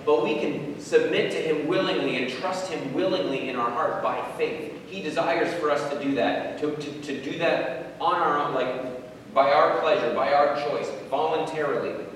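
A man's voice: fairly high pitch, moderate pace, a bit bright. Preacher, male, informal reflective sermon, voice distant in a very reverberant hall, faint background hiss. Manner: thinking aloud, repeats words, rhetorical questions. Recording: very echoey hall, voice from afar, faint noise.

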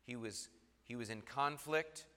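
Emphatic preacher in a reverberant hall. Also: male voice, medium pitch, a little slow, pushed and bright. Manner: emphatic, rising and falling for stress; reads verses in old formal wording. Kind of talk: sermon reading scripture aloud.

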